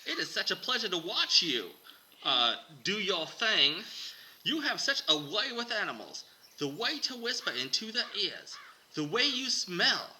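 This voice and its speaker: An overeager Australian wildlife host gushes about the animals, as a man puts him on. His tone is bright and sharp, pitched above his normal speaking voice, and loud and hammy throughout. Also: sing-song, measured pace, a little hiss or hum, full character voice, rough recording. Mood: gushing. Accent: put-on Australian.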